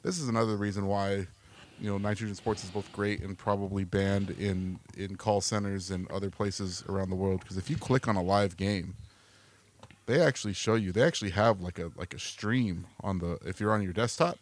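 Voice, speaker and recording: A man's voice: low voice, fairly even intonation, normal speed, a little hiss or hum. A man co-hosting a podcast, rambling with many fillers and restarts. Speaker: podcast co-host. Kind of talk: casual podcast chat.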